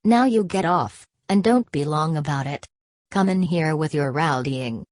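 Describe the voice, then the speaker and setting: A woman voicing a stout, bossy old factory owner who talks in short, sharp snaps. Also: deep voice, expressive, measured pace, no room sound, clean studio sound. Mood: ordering. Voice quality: sharp, snappish.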